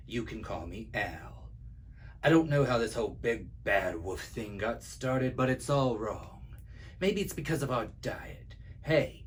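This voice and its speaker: A man's voice: on the low side, slight background noise, natural voice. A man reading a children's story aloud as an easygoing male wolf who tells his own side in a chatty, wry, confiding way. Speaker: library storyteller.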